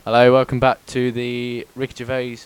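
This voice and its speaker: A man's voice: medium pitch, monotone, normal speed, clear, resonant tone. A man hosting a casual podcast, joking and laughing, with plenty of ums. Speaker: podcast host. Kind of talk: casual banter.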